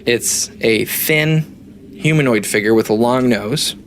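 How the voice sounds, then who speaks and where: Male game master, easygoing narration with fillers, mid pitch, faint noise. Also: slow pace. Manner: relaxed, hesitant, frequent fillers.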